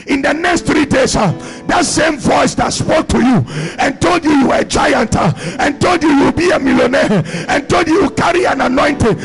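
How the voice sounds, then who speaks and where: A man preaching a charismatic sermon at a church service, shouting in rhythmic, repeating phrases with "uh" between them and commanding blessings over the congregation. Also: very high voice, vocal fry, low-quality recording.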